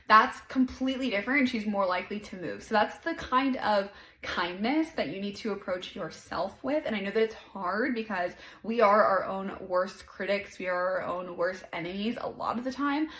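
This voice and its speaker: A woman hosting a casual self-help podcast, talking in a gentle, encouraging way and saying "like" often. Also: medium pitch, expressive, a little fast, reverberant, poor audio. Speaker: podcast host.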